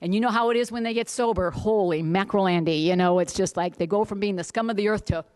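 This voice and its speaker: A woman's voice: medium pitch, fast, a little mellow, clear, resonant tone, no echo. Older woman, American, blunt salty storytelling, personal testimony, dry close sound. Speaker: speaker sharing her story.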